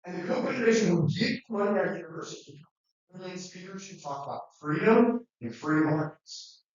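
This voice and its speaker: In a lecture room, a man with a high, expressive voice lectures briskly, rambling conversationally with lots of fillers and restarts. The recording is muffled, distant, and very echoey.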